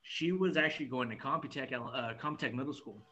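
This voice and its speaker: A man's voice: medium pitch, quick pace, sharp tone, highs cut off. A young man from California's Central Valley, a podcast guest talking in a loose, rambling way and laughing often. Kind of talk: casual chat.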